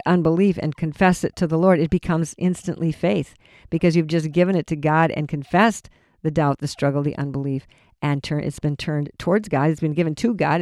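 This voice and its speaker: A man's voice: a little high, darkish tone, no echo, clean studio sound. A man giving an informal Bible teaching sermon, earnest and conversational, often restarting his phrases. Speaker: preacher.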